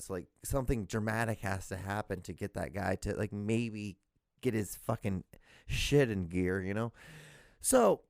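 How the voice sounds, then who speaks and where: A low-voiced man hosting a solo podcast, rambling loosely from one tangent to the next. He swears freely and chuckles at his own asides, recorded close and completely dry. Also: vocal fry, darkish tone, dry recording. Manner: profane, digressive, laughs at himself. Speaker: podcast host. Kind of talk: casual rambling monologue.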